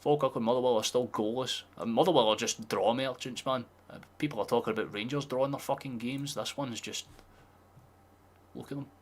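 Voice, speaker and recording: A man's voice: mid-range voice, brisk, hardly any pauses. A man streaming a live football watchalong, chatting casually and swearing freely as he reacts to the match.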